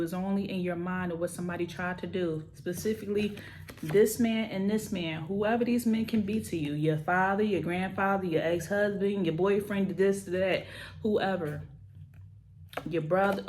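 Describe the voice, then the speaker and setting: A woman's voice: on the low side, darkish tone, slight background noise. A woman giving a tarot reading in an emphatic, encouraging way, repeating key phrases for emphasis. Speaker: tarot reader.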